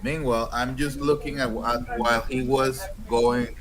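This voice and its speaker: A man's voice: medium pitch, steady tone, moderate pace, a crowd in the background, rough recording. A man playing a tabletop game, talking casually and hesitantly, often restarting his sentences. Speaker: player.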